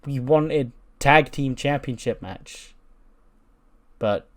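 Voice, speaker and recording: A man's voice: medium pitch, slow, pitched above the performer's own voice, close to an everyday voice. A man putting on a curt, grumpy woman wrestler who speaks in broken English, in a game recap. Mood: brusque.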